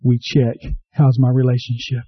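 A pastor delivers an earnest sermon in a monotone, slightly rough male voice at normal speed, repeating himself and putting questions to the congregation. The low-fidelity recording sounds slightly dull.

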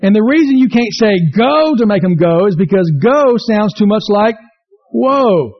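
Male pastor, fairly high voice, folksy and joking with the congregation; slightly dull recording. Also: animated, normal speed. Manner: joking, folksy storytelling, asks the congregation questions. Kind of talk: folksy sermon. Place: church sanctuary.

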